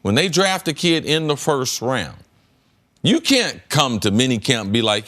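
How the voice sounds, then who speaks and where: An emphatic middle-aged man argues his case on a sports debate show, repeating himself for weight. His pitch swings widely, climbing high when he presses a point. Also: sing-song, normal speed, a bit bright. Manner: emphatic, repeats words, rises sharply when making a point. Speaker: former pro football player turned analyst.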